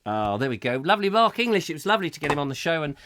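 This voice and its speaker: A middle-aged man hosting a comic live chat show, telling stories with lively acted-out voices. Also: a little high, very fast, slight background noise. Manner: lively storytelling, acting out voices with laughs. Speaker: host.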